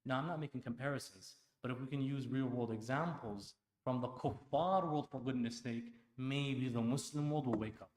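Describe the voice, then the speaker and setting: A man preaching a sermon at an Islamic center, impassioned, dropping to a hush and then rising loud, firing rhetorical questions at the congregation. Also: medium pitch, normal speed, hardly any pauses. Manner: impassioned, swings between hushed and loud; asks the audience pointed rhetorical questions. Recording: echoey hall.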